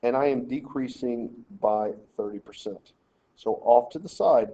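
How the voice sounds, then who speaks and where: A man's voice: medium pitch, normal speed, mellow, lo-fi sound. A man teaching a math lesson, working through problems step by step and telling students how to lay out their work. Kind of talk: screen-recorded math lesson walkthrough.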